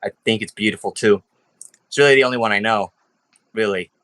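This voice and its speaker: Guy playing a shy siren girl, bright voice, keeps saying sorry. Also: lowish voice, a little fast. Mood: apologetic. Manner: apologetic, pleading. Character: timid young female garden guardian siren.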